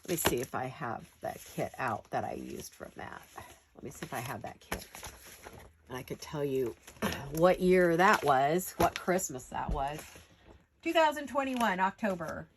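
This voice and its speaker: A woman's voice: deep voice, sing-song, measured pace, noisy background. A woman with a stuffed-up nose from a head cold gives a chatty, rambling, self-deprecating paper-craft tutorial in her home studio.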